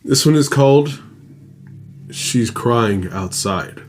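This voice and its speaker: A man's voice: medium pitch, animated, slow pace, slight background noise. A man hosting a show, reading a listener's ghost story aloud in a casual, dramatic way with his own asides. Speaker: host.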